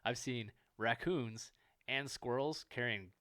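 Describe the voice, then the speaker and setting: A man co-hosting a podcast in casual banter, laughing a lot and dropping quick, swear-filled jokey asides. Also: mid-range voice, fairly bright tone, no echo, clean studio sound. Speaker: podcast co-host.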